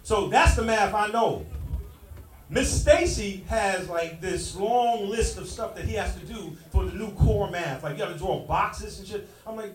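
A middle-aged man performing a stand-up comedy set, punchy and loud, teasing the audience. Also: sits high, measured pace, faint music behind. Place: stage in a club with a live audience. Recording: echoey club, distant mic, crowd noise. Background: audience laughing and clapping.

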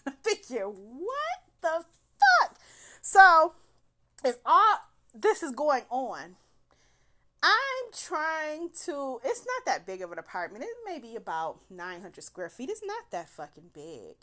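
Animated woman telling a wild story. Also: high-pitched, takes it slowly. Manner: animated, profane, laughing through her words. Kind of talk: casual personal storytelling.

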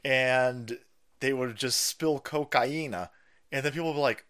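A man hosting a ranting political livestream, loud and mocking, laughing often and mimicking other people's voices. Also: mid-range voice, measured pace. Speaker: livestream host.

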